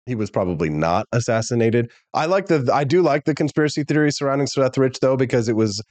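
A male talk show host delivering an animated, opinionated monologue straight to viewers. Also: mid-range voice, fast, no room sound.

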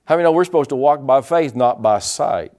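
A male pastor preaching a sermon, animated, acting out quotes and calling for responses from the congregation. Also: medium pitch, brisk.

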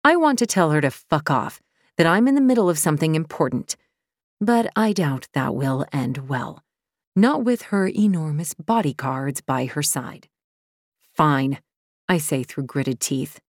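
A woman's voice: deep voice, expressive, moderate pace, darkish tone, no echo. A woman giving tense, intense first-person audiobook narration, close to the mic. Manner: tense and intense, rising sharply when voicing the heroine.

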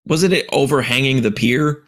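A man's voice: mid-range voice, normal speed, a bit bright. A man co-hosting a podcast in casual chat, chiming in with short reactions. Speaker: podcast co-host.

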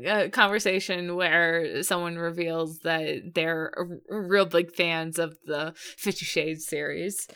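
A woman's voice: on the low side, fairly even intonation, slow pace, few pauses, a bit bright, clean tone. A woman co-hosting a podcast, chatting casually with meandering sentences and frequent giggles. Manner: meandering, many fillers and restarts, giggly. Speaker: podcast co-host. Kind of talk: casual chat.

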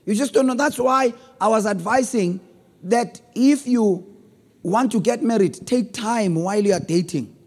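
A man preaching a sermon on relationships, swinging between loud emphasis and low asides. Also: a little slow, big-room sound. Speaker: pastor.

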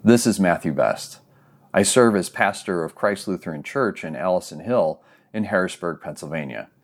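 A man's voice: sits low, expressive, normal speed. A man serving as a church pastor, reading scripture and giving a sermon in an earnest, conversational way. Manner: earnest, conversational with restarts when preaching.

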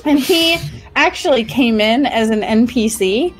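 A woman's voice: a little high, lively intonation, unhurried, rough recording. A woman game master chats on a casual panel. She laughs often and trails off into restarts. Faint music runs underneath.

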